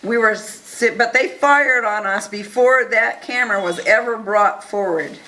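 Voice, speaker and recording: A woman telling an audience a first-person story in an earnest, animated way, acting out the dialogue. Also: on the high side, poor audio. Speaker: speaker recounting events to an audience.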